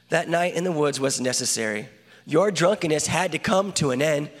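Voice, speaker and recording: A man's voice: medium pitch, natural voice. A man speaking as loving fatherly God. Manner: earnest, intimate direct address. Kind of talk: spoken-word dramatic monologue. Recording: long hall reverb.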